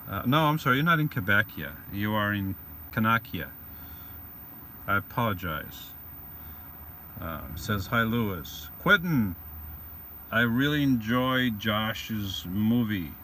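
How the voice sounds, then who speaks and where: A man's voice: lowish voice, bright, forceful tone, slight background noise. Joking rambling man on a livestream. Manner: rambling and joking, greets viewers by name. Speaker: livestream host reading viewer comments. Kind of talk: casual live-stream chat. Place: van or vehicle.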